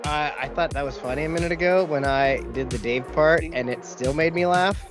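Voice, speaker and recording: Over music, a man with a fairly high, brisk voice co-hosts a podcast. He tells rambling stories in casual chat and laughs often.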